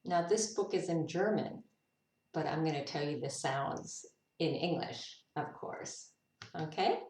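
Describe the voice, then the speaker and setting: A woman's voice: low voice, unhurried, darkish tone, a little hiss or hum. A woman teacher reading a picture book aloud to children, playfully making animal noises in a spontaneous, unrehearsed way. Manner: spontaneous and unrehearsed, with laughs and musing asides. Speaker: English teacher. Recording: roomy echo, voice from a distance.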